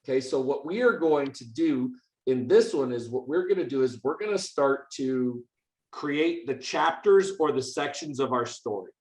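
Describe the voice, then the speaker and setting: A male teacher walks other teachers through a coding demo in a loose, upbeat way, full of fillers and quick restarts. His voice sits at a middle pitch, and the room adds a noticeable echo around him. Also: expressive, darkish tone. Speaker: teacher leading a coding workshop. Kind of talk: casual hands-on teaching demo.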